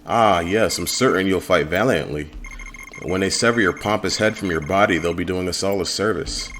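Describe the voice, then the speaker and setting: A sharp-tongued female healer mocks her companion with dry sarcasm, as a man reads her lines aloud in his own deep voice. A faint hiss of background noise sits under the voice. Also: moderate pace. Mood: mocking. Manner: mocking, sarcastic.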